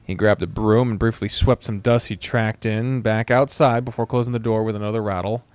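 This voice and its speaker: A man's voice: fairly low pitch, steady tone, a little fast, a little mellow, smooth, no echo. A man streaming a story game, reading its narration aloud in a playful manner. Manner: playful, laughs between lines.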